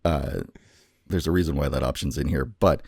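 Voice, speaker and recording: A man co-hosting a podcast, narrating a choose-your-own-adventure story in a slow, dramatic way. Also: extremely low pitch, darkish tone.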